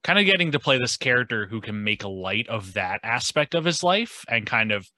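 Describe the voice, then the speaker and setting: A man's voice: mid-range voice, sing-song, normal speed, pushed and bright, no room sound, low-quality recording. A man who is a guest on a casual podcast, offering thoughtful, hedging takes full of "like" and "kind of.".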